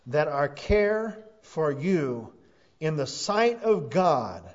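A man preaching a sermon as pastor, earnest, rising to emphatic peaks and then dropping soft. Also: a little high, sing-song, extremely slow. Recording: dull lo-fi sound.

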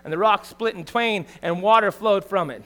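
A middle-aged man preaching a sermon in a voice that sits high for a man. He talks to the congregation conversationally and keeps tossing in tag questions. He swings between punchy, loud emphasis and quiet asides. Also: normal speed. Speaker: pastor.

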